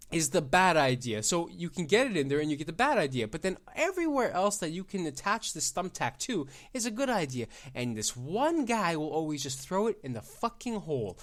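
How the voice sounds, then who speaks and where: A young man hosts his own podcast alone, ranting in a loose, profane way. He jumps from loud, excited outbursts to low mumbling asides and keeps laughing at his own jokes. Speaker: podcast host. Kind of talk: casual solo podcast rant.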